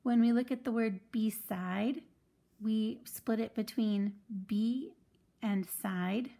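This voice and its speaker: A woman's voice: fairly high pitch, slow pace, gravelly, mellow. A woman teaching a phonics lesson to children, patiently sounding out words syllable by syllable.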